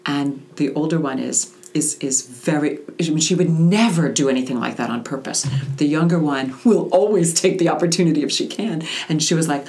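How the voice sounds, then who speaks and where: A woman hosting a casual parenting conversation, talking in halting restarts and acting out little quotes. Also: sits low, a little mellow. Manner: halting, repeats words, acts out quotes. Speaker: host.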